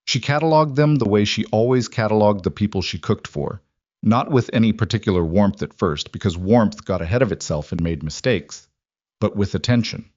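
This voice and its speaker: A man reading a scripted story aloud as narrator, in a steady, measured storytelling manner. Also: on the low side, no echo. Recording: dry, slightly dull sound.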